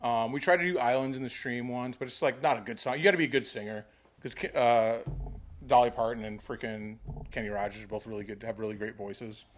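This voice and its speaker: A man's voice: medium pitch, fairly even intonation, fairly quick, slight background noise. A man hosting a casual podcast chat, telling rambling stories with plenty of swearing. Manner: rambling, profane storytelling. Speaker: podcast host.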